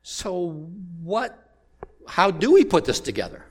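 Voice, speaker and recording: A pastor delivers a sermon in a slightly high voice. He speaks slowly and deliberately. He keeps turning to his listeners with rhetorical questions. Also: wildly swooping pitch.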